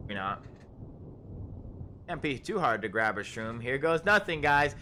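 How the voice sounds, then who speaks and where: A man narrating a tabletop game as game master, rambling along with fillers and restarts. His voice is bright and forward at a middle pitch. A faint hiss runs underneath. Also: sing-song, measured pace. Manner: rambling, filler-heavy, laughs often.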